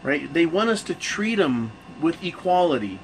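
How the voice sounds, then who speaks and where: A man hosts his own channel and talks straight to camera in a loose, cursing rant. He stumbles and restarts his sentences, and his voice sits a little high. A faint air conditioning hum runs underneath. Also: big pitch swings, normal speed, poor audio. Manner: profane, rambling rant with restarts. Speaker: channel host. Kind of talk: casual monologue to camera.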